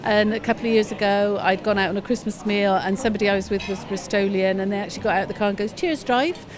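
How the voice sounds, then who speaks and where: A woman's voice: mid-range voice, flat delivery, racing, a crowd in the background. A woman interviewed on the street, chatting in a friendly way and telling a short anecdote. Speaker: passer-by interviewed. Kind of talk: casual anecdote.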